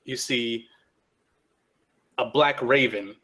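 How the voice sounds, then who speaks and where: A man narrating a tabletop game as game master, his voice bright and clear at a middle pitch. He tells the story loosely, circling back and restarting phrases as he goes. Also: slow.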